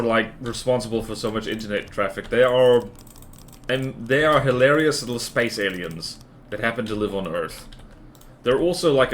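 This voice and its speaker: A man's voice: mid-range voice, a little hiss or hum. Playful rambling New guy streaming. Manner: rambling, playful, self-mocking asides. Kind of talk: casual livestream chatter while building in a game.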